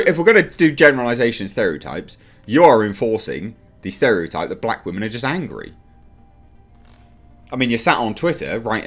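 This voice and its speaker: A man ranting in a commentary vlog, sarcastic and exasperated, slipping into mocking voices. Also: medium pitch. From United Kingdom. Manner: sarcastic, exasperated, mocks others in put-on voices. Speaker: commentary vlogger.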